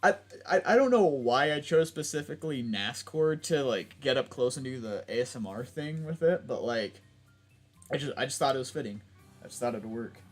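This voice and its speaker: Young male gamer, loose rambling chat, mid pitch, faint game music under. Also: lively intonation, normal speed. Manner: rambling, self-interrupting, laughs often. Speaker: gaming YouTuber. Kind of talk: casual let's play chat.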